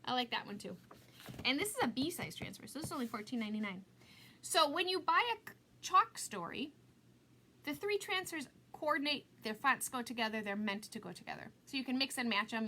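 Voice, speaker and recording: A middle-aged woman runs a casual live craft demo, chatty and quick to joke at her own expense. Her voice sits high and sounds bright, with a faint hum of room noise underneath. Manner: chatty, self-mocking, laughs often.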